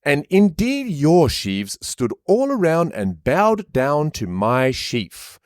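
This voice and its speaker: A man's voice: fairly high pitch, huge pitch swings, slow, no room sound, voice pushed up, heavily acted. Man putting on a posh teen boy, preening and smug, voice pushed well up, dry. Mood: boastful. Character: posh, smug teenage boy boasting of his dreams.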